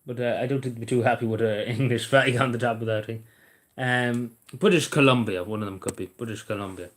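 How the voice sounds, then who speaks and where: An Irish livestream host chats casually with his live audience in a brisk, medium-pitched, steady voice. He rambles bluntly and swears freely, captured indoors on a camera mic.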